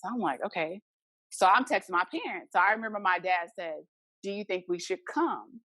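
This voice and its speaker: A woman's voice: medium pitch, a little fast, no echo. A woman guest in an interview, telling a personal story casually and acting out the voices of the people in it. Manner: animated, acts out the voices of people in her story.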